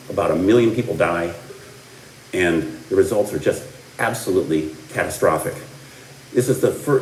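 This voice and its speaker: A man's voice: low-pitched, darkish tone, a little hiss or hum. A middle-aged man from the American Midwest giving a history lecture, rambling with fillers and restarts and dropping dry asides. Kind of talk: recorded classroom lecture. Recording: roomy, distant lecture-hall recording.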